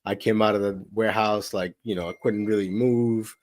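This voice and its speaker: Rambling gig driver, dry close sound. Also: male voice, fairly low pitch, steady tone, a little fast, dry recording. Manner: rambling, many "like" and "you know". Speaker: gig delivery driver guest. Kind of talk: casual interview chat.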